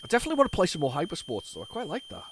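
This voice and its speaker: A man's voice: sits high, wildly swooping pitch, very fast, background noise. A man hosting a retro gaming video, chatting casually to viewers as he rambles, stumbles and restarts his sentences. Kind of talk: casual running commentary.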